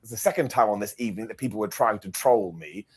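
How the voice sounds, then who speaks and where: A podcast co-host recaps wrestling at a quick pace in a fairly low voice. He's a playful, self-mocking storyteller who acts out the quotes he relays.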